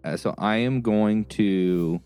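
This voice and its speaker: A man with a very deep voice plays in a tabletop game, stopping and restarting his sentences as he sorts out his turn. Faint music sits in the background. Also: dark tone. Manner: halting, restarts a lot. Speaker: player. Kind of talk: casual tabletop play.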